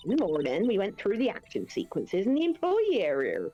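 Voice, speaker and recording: A woman's voice: mid-range voice, huge pitch swings, a little fast, mellow, muffled recording, soft background music, voice pushed down. Woman reading as a chatty young studio assistant.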